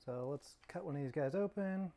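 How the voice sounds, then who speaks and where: A man's voice: a little high, moderate pace, mellow. Chatty man hosting a cooking vlog. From California. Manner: chatty, rambling, self-mocking jokes; talks while eating. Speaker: cooking channel host.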